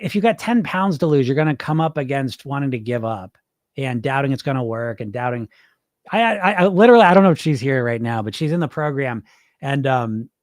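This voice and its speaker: A man with a fairly high voice runs a casual live weight loss show, talking bluntly and emphatically with plenty of swearing as he answers viewers. The sound is dry and close, with no room around it. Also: no echo. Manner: blunt, profane, emphatic, reads viewer comments. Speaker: weight loss hypnosis coach. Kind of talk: casual live-stream podcast.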